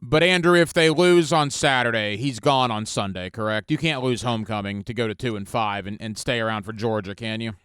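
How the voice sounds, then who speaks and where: Sports radio host guy, super clean resonant voice, dry booth sound, quick questions. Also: mid-range voice, a bit bright, clear, resonant tone, no room sound. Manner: brisk, leads with quick questions. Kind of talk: radio sports talk interview.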